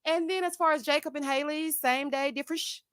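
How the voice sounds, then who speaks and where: Sassy, bright-voiced woman chatting live. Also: high voice, a little fast, no echo, studio quality. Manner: sassy and expressive, addressing viewers as honey and y'all; laughs at her own jokes. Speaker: host of a live reality-TV review stream. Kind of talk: casual live-stream chat with viewers.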